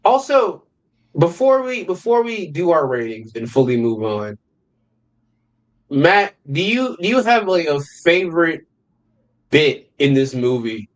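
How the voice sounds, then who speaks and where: Young male podcast co-host, animated, profane storyteller, slightly high voice. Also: a little slow, rough recording. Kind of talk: casual chat.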